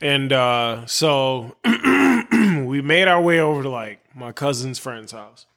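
A man from Chicago co-hosting a podcast, telling a long story in a rambling, profane way and clearing his throat often. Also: medium pitch, sing-song, slow pace, fairly bright tone. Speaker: podcast co-host. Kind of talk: casual storytelling chat.

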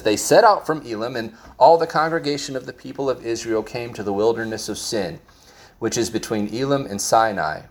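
A man with a fairly low voice delivers a sermon. He reads scripture passages aloud and then explains them in plain, everyday language, often stumbling and restarting his phrases. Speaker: preacher.

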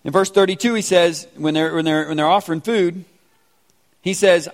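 A pastor in his forties who preaches a sermon in a casual, animated way with slangy asides. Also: sits high, moderate pace. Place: church sanctuary. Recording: reverberant church hall.

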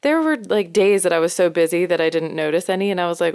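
A woman's voice: fairly low pitch, quick pace, darkish tone, clear, resonant tone. A woman in her thirties from New York, a midwife co-hosting a podcast, telling candid stories in casual chat and laughing often. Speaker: co-host, midwife.

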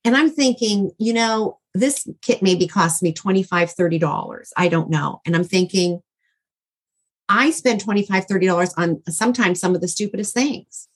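A woman's voice: medium pitch, moderate pace. A middle-aged woman as an interview guest, telling a personal story in a heartfelt, rambling way with many fillers and restarts.

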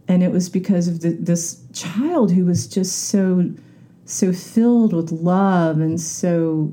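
A woman's voice: lowish voice, dark tone. A woman talking candidly in a casual reflective monologue, rambling a little and acting out the voices she quotes.

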